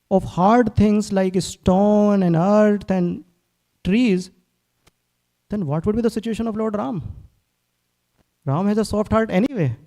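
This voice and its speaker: With a high-pitched voice and a dark tone, a man at a temple class gives a devotional sermon. Earnest throughout, he recounts scripture stories, repeats words, and acts out the quotes.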